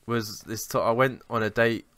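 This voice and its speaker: A man's voice: medium pitch, steady tone, normal speed, a bit bright, no room sound. A young man, co-hosting a podcast and telling rambling, sweary, self-mocking stories in casual chat. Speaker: podcast co-host.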